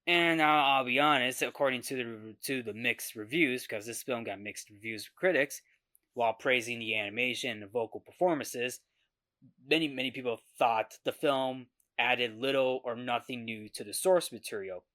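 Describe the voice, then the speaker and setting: A young man in his twenties talks through a film review in a bright, forward voice. He keeps stopping, restarting and repeating words as he works out his thoughts, casual and unscripted. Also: mid-range voice, moderate pace. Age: 20s.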